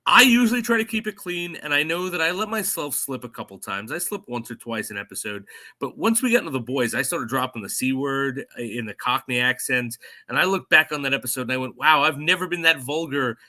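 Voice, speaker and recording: A middle-aged man co-hosting a podcast, chatting casually in an animated, jokey, self-mocking way. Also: medium pitch, a little fast. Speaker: podcast co-host.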